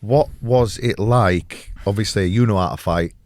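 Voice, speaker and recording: A man, hosting a podcast and asking quick, chatty questions. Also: on the low side, darkish tone, no room sound. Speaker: podcast host. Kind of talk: casual interview.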